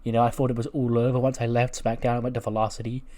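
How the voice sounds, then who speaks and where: A man's voice: medium pitch, flat delivery, racing, dark tone, lightly acted. A man doing a chummy, eager young wrestler. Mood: happy. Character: upbeat male wrestler reuniting with his partner.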